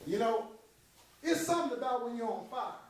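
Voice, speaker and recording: Guy playing a loose teasing old-school standup comic, high voice, big echoey hall from far back. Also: lively intonation, brisk. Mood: joking. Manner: teases the crowd, then turns earnest and reflective. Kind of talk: live stage stand-up impression. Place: theater stage.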